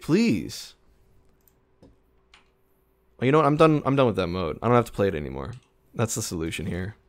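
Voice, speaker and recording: A young man streaming a shooter game, grumbling sarcastically at teammates and bursting into frustrated shouts. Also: fairly low pitch. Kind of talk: live gameplay commentary.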